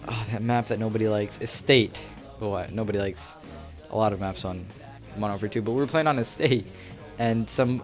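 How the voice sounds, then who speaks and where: Male gamer commentator, Spanish first language, chatty and rambling, middle pitch, faint music underneath. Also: darkish tone. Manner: rambling, self-correcting, laughs often. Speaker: game commentator. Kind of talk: casual video game commentary. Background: faint background music.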